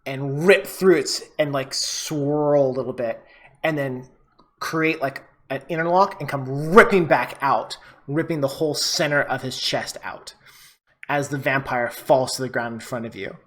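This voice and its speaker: A man's voice: medium pitch, a little slow, fairly bright tone. A man narrating as game master of a tabletop game, casual and full of fillers.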